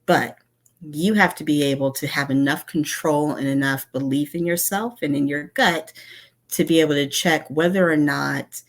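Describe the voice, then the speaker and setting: Very low-voiced woman speaker. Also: normal speed. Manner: candid, conversational, personal storytelling. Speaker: conference speaker, instructional designer. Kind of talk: online conference talk. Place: home.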